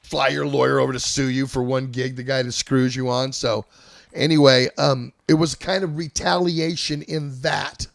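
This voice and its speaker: A man in his fifties hosting a casual chat, telling old touring stories in an animated, profane way. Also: medium pitch, moderate pace, gravelly, no echo, studio quality. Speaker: host.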